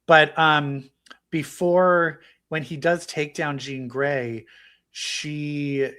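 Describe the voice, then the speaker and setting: Man, slightly high voice, excitable, swears a lot, casual podcast chat. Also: extremely slow, smooth. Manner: excited, profane, gushing. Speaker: podcast co-host.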